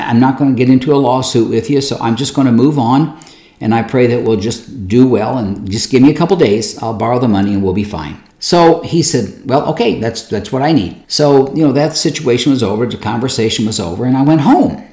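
A man preaching as a pastor, telling personal stories in a conversational way and acting out the people he quotes. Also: echoey room. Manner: conversational, acts out quoted voices with lively pitch jumps. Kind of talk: sermon storytelling.

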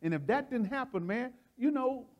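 A man preaching in a folksy, excitable way, often laughing and repeating phrases as he teaches. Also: very high voice, moderate pace. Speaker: preacher leading a Bible study. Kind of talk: animated sermon teaching.

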